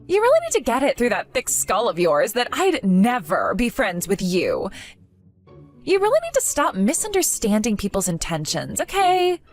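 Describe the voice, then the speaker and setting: Mocking young woman, cruel and condescending, read by a woman. Lively, higher voice, faint music behind. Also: moderate pace. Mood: sneering. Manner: sneering, condescending. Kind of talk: scripted audio drama.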